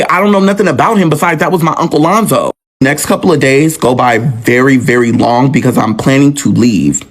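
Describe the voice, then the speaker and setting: A young man recounts his own hard family story. He sounds earnest and raw, and he hammers points home by repeating them. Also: medium pitch. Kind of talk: emotional personal storytelling.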